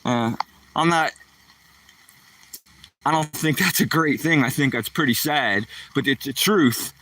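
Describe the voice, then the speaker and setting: A man's voice: medium pitch, unhurried, sharp tone, no room sound, distant mic. Chatty man rambling through old stories. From Philadelphia area. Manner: loose and chatty, sprinkled with "man" and "you know". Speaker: vlogger telling stories. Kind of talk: rambling casual storytelling.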